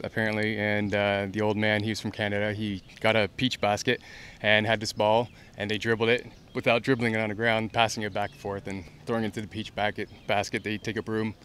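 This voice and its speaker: Fast-talking man on the street. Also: on the low side, a bit bright, a little hiss or hum. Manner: rambling, halting retelling. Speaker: interviewee. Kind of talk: casual chat.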